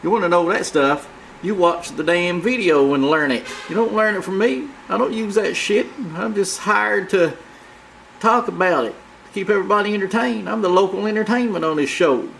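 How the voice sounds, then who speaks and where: A brash male monkey puppet with a high, crude drawl, as a man puts him on. He rambles and boasts as the show's host in comic puppet banter. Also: moderate pace, creaky, fairly bright tone, slight background noise, rough recording. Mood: cocky.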